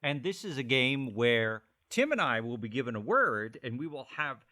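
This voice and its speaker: A man's voice: mid-range voice, animated, normal speed, sharp tone, no echo, studio quality. A man from the United States hosting a podcast, bantering in a playful, self-mocking way. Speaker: podcast host. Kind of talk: casual podcast chat.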